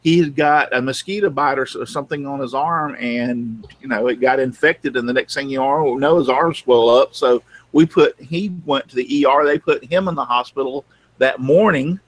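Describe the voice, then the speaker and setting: A man's voice: mid-range voice, moderate pace. A man, a grandfather co-hosting a casual live-stream chat who rambles and repeats himself. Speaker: co-host.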